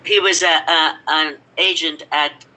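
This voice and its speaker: Older actress, chatty anecdote-teller, bright cutting voice. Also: female voice, low voice, unhurried, poor audio. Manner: rambling animated storytelling. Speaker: actress guest. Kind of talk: casual reminiscing.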